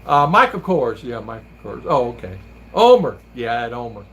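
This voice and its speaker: Guy rambling thru funny stories on his vlog, laughs a lot, bright forceful voice. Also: medium pitch, sing-song, normal speed. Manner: rambling anecdotes, laughing often. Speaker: vlogger and host. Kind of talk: casual chat.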